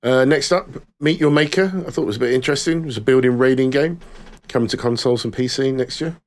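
A man's voice: medium pitch, fast talker. A man hosting a casual gaming podcast, moving easily from one news item to the next. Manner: easygoing, moves through topics. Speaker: podcast host running the news segment. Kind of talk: casual chat.

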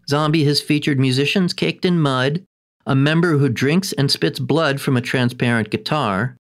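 A man hosting a documentary episode, reading a script in a measured, even way. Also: medium pitch. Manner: measured, even storytelling delivery. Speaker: documentary host. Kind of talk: scripted narration.

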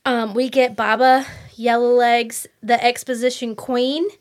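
A woman's voice: fairly high pitch, level tone, a little slow. A woman co-hosting a casual book podcast, chatty and rambling, often breaking into laughter. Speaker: podcast co-host.

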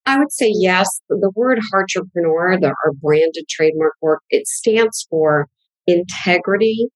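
A woman business coach answering interview questions in a plain, direct, steady way. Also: on the low side, a little slow, no echo, rough recording.

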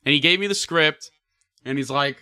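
A man's voice: on the high side, moderate pace, bright, forceful tone, smooth, dry recording. A man hosting a podcast, chatting loosely and swearing casually. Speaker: podcast host. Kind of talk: casual chat.

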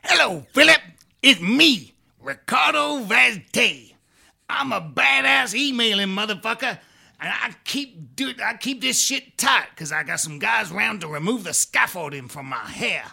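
A boastful footballer swaggers through his lines, high and swooping with a gravelly edge. He shouts his brags, profane and cocky. The tone is bright and cutting. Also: animated, a little slow, exaggerated voice. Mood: swaggering. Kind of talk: comic reading of an email in character.

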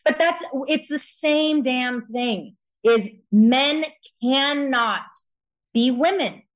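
A woman's voice: high voice, slow pace. A woman guest on a talk show, arguing emphatically and building her points with vivid analogies. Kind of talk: opinionated talk show chat.

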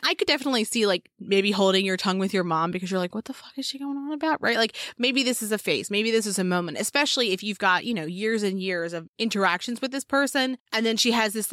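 A woman's voice: mid-range voice, a bit bright, dry recording, clean studio sound. A woman co-hosting a casual true-crime podcast, blunt and emphatic, swearing freely. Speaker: podcast co-host.

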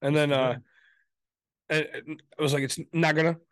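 A man's voice: fairly high pitch, fairly even intonation, normal speed, fairly bright tone, no room sound. A man co-hosting a podcast, telling stories and acting out both sides of a conversation. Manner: storytelling, joking, acts out dialogue. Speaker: podcast co-host. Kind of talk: casual chat.

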